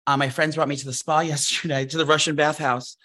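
A man's voice: on the high side, fast. A man in his thirties co-hosting a podcast, telling long rambling stories in casual chat with lots of fillers. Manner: rambling, animated storytelling with many fillers. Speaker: podcast co-host.

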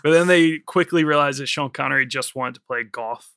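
A man's voice: medium pitch, a little fast, bright, forceful tone, smooth, dry recording, studio quality. A man co-hosting a film podcast, telling behind-the-scenes trivia in casual, swearing chat. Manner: swearing, laughs often, tells production trivia. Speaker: podcast co-host.

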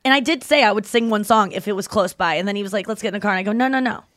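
A woman in her thirties co-hosting a podcast in casual chat, telling stories with lively acted-out quotes. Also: medium pitch, rapid-fire, no echo. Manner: animated storytelling, acts out quotes loudly. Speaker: podcast co-host.

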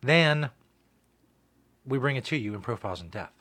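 A man's voice: mid-range voice, expressive, normal speed, a bit bright, dry recording. A man hosting a comedy podcast, introducing a segment with a dry, wry build-up. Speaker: podcast host.

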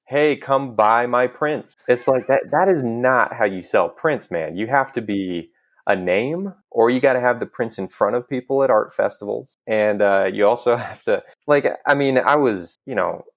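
A man's voice: medium pitch, expressive, normal speed. A man in his thirties in a casual conversation, telling stories with self-deprecating humor and frequent laughs. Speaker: guest.

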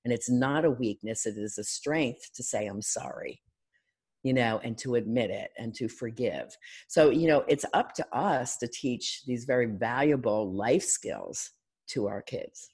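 A middle-aged woman from Philadelphia talks as a coach and counselor on a podcast. Her delivery is energetic and instructive. She slips into other people's voices to make a point. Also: rumbling low, measured pace, husky. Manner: energetic, teacherly, acts out clients' voices. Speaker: life and love coach, counselor. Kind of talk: guest on an interview podcast.

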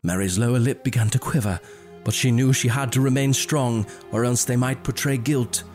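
Male storyteller, mid-pitched, measured and dramatic, soft music behind. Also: fairly even intonation. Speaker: narrator. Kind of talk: scripted story narration.

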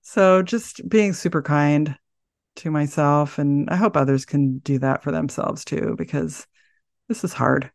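Soft-spoken reflective middle-aged woman. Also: low voice, unhurried, creaky, no echo, studio quality. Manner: thoughtful, searching for words, soft-spoken. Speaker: podcast guest. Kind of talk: reflective interview talk.

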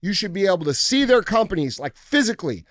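A middle-aged man hosts a podcast and talks in a fired-up, profane rant. His voice sits high for a man. The sound is close and dry, with no room echo. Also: very animated, quick pace, a bit bright. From United States. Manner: blunt, profane, heated ranting. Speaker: podcast host. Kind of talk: casual podcast talk.

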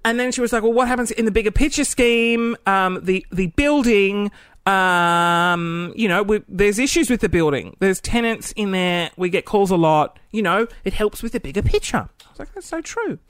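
A man telling a comic story at home, animated and self-mocking, acting out the voices of the people in it. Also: high-pitched, normal speed, clean tone, dry recording. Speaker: video creator telling a story. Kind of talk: casual comedic storytelling. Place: at home, cooking.

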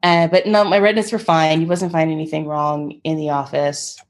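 A woman's voice: deep voice, little pitch movement, moderate pace. A woman artist in her thirties telling her story in an interview, acting out the people she quotes and laughing often. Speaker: guest artist.

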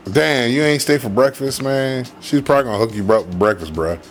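A man's voice: medium pitch, brisk, slight background noise. A man co-hosting a podcast, teasing and joking crudely in casual banter. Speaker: podcast co-host.

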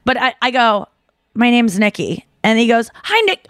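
A young adult woman hosting a podcast, telling a story casually and excitedly, with lots of "like" and acted-out quotes. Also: a little high, moderate pace, clear, resonant tone, no room sound, clean studio sound. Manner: animated, excitable, heavy use of "like"; acts out quoted voices. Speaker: podcast host.

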